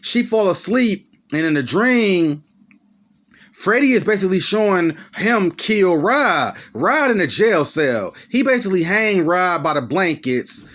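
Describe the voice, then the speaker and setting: A man's voice: sits high, sing-song, unhurried, fairly bright tone. A young man giving a casual, slangy, profane movie plot recap as the host of his own channel, acting out the characters as he goes. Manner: loose, slangy, profane, acts out lines. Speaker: movie reviewer.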